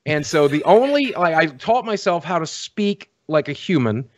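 A man's voice: on the high side, very animated, moderate pace, no echo. Rambling man telling stories, dry sound. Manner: self-deprecating, rambling storyteller. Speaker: guest panelist. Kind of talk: casual podcast chat.

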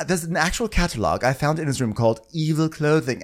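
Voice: medium pitch, animated, fast talker, hardly any pauses. A co-host of a comedy podcast, playing characters in mock-formal, indignant speech. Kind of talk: comedic recap chat with mock-royal role-play.

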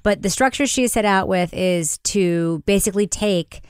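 A woman's voice: mid-range voice, clean tone, no echo, clean studio sound. Chatty woman hosting a podcast. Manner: chatty, quick, laughs often. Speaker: podcast host. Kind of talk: casual podcast discussion.

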